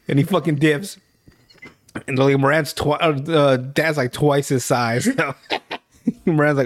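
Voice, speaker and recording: A man's voice: on the high side, normal speed. A man hosting a podcast, casually recapping a show in a profane, rambling storytelling way. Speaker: podcast host.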